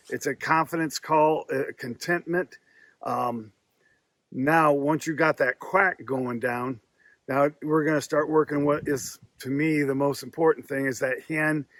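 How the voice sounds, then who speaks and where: A man's voice: on the high side, fairly bright tone, no room sound, rough recording. A man teaching duck calling in a plainspoken instructional manner, often repeating himself as he explains. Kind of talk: instructional demonstration.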